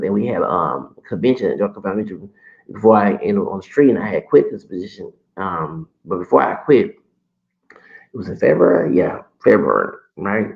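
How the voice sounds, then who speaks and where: Late 30s guy ranting sassy and cussing, gravelly voice, echoey room, kinda muffled lo-fi sound. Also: fairly low pitch. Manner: profane, sassy, emphatic with many restarts. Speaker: streamer telling a personal story. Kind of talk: ranting casual storytelling.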